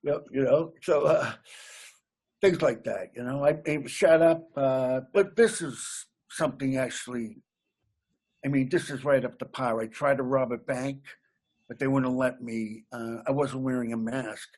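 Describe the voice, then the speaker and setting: A man's voice: mid-range voice, unhurried, darkish tone. A man from Massachusetts, a comedian guest chatting loosely in an interview and laughing at his own gags. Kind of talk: casual interview chat.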